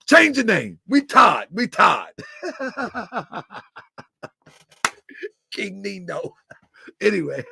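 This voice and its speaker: Man w/ aave roasting people on a livestream, high and bouncy voice, raspy. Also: big pitch swings, a little slow, pauses often, no echo. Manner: loud, laughing, teasing, repeats himself. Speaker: livestream host. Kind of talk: live stream commentary.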